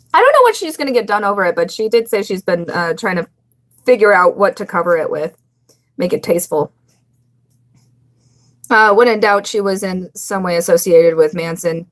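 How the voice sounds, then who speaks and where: A woman's voice: mid-range voice, expressive, normal speed, long pauses. A young woman hosting a casual live stream, chatting bluntly with viewers, swearing freely and laughing often.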